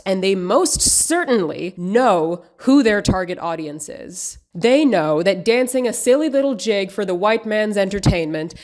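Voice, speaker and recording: A woman, from the United States, giving scripted video essay commentary with dry, sarcastic humor. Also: mid-range voice.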